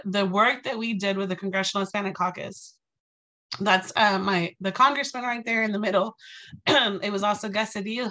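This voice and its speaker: Bright, animated woman telling a story. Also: medium pitch. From Texas. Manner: animated, acts out quotes, addresses audience directly. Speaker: guest speaker. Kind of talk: storytelling lecture to a live audience.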